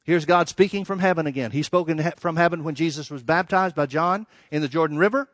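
A man's voice: on the high side, dry recording. A man preaching a sermon, reading verses and explaining them with emphatic rises and dramatic drops. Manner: emphatic, rising and falling, with dramatic pauses.

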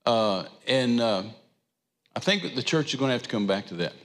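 A man's voice: medium pitch, animated, brisk, fairly bright tone. Guy preaching, folksy and rambly, repeats himself a lot, echoey church hall. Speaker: traveling preacher. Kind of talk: informal Pentecostal sermon. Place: church sanctuary.

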